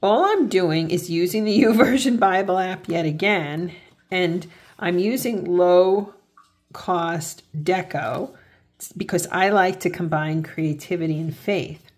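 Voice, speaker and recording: A chatty woman with a slightly low voice walks through her craft project in a casual vlog. She talks earnestly and often restarts or corrects herself mid-sentence. Her tone turns heartfelt when faith comes up. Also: takes it slowly, a little mellow. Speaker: faith and planner craft vlogger. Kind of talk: casual crafting tutorial chat.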